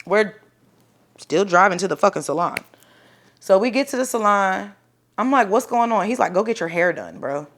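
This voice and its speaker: Candid, animated young woman storyteller. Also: medium pitch, normal speed, pauses often. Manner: candid, profane, animated retelling with acted-out quotes. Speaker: storyteller guest. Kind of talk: casual personal storytelling.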